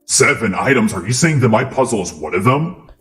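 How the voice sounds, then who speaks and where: A man's voice: on the low side, very animated, fairly quick, a bit bright, soft background music. A man voicing an earnest, defiant teenage hero duelist.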